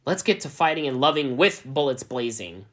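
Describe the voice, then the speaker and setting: A man voicing a cocky, gun-happy talking cat with a slow swaggering drawl. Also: mid-range voice, animated, fairly bright tone, pitched above the performer's own voice, lightly acted. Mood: eager.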